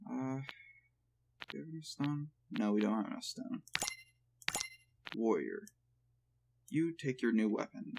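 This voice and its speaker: A man hosting a let's play, thinking aloud in a relaxed way while he plays. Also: mid-range voice, measured pace, creaky, long pauses, noisy background. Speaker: gaming channel host.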